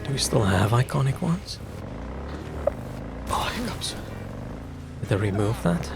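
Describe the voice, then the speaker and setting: A man's voice: medium pitch, animated, fairly quick, vocal fry, noisy background. A man casually commenting while playing a video game on stream, rambling and answering chat.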